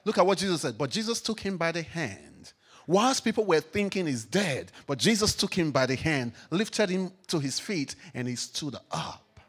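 A man preaching a sermon as pastor, emphatic, swinging between loud declarations and quiet reflection. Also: a little high, lively intonation, normal speed, breathy edge.

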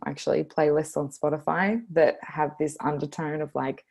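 A woman in her twenties with an Australian accent, a guest talking casually on a podcast, earnest and quick to laugh. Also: low-pitched, steady tone, gravelly, a little mellow, highs cut off. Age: 20s. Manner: earnest, laughs often, speaks slowly when stressing a point.

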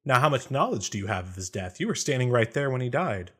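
A man's voice: medium pitch, big pitch swings, fast, sharp tone, slightly rough, heavily acted. A man voicing a brash, impatient male character who bluntly demands answers. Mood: demanding. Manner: blunt and insistent. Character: brash, impatient male rival accusing others.

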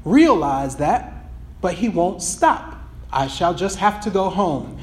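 A man's voice: high voice, big pitch swings, slow pace, heavily acted. A man reading aloud and voicing an evasive, embarrassed male ghost who pleads and makes polite excuses. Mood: dismissive.

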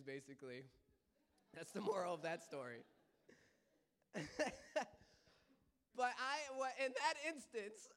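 A young man preaching a sermon in a church service, telling a personal story with animated delivery and laughter. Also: sits high, clean tone. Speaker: pastor.

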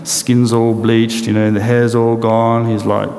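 A man preaching a sermon in a lively, animated storytelling way with rhetorical questions, in a large hall or church. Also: mid-range voice, a little slow. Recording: echoey hall with long reverb and faint noise.

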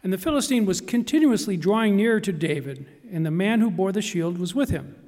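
A man reading scripture aloud in church, in a measured, solemn way. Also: high voice, animated, a little mellow, big-room sound. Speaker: scripture reader. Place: church sanctuary.

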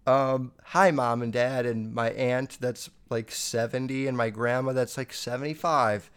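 A man's voice: medium pitch, steady tone, unhurried, smooth. A young man hosting a podcast, answering listener questions in a crude, rambling way with lots of swearing. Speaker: podcast host.

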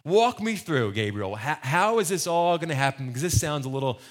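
A man's voice: fairly high pitch, expressive, a little fast, lightly acted. A man voicing Mary as a teenage girl in a sermon, blunt and incredulous. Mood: skeptical.

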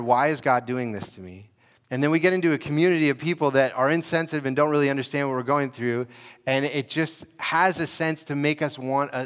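A man preaches a sermon in an easy, conversational manner, stopping now and then to restart a phrase. His voice sits in the middle of the range. The sound rings out with the long reverb of a big hall. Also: mid-range voice. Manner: conversational, frequent "you know" and restarts. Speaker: pastor.

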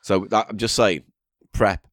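A man's voice: lowish voice, steady tone, measured pace, dry recording. A man co-hosting a podcast, chatting casually and joking around with lots of swearing. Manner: joking, swearing, puts on silly voices. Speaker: podcast co-host. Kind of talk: casual banter.

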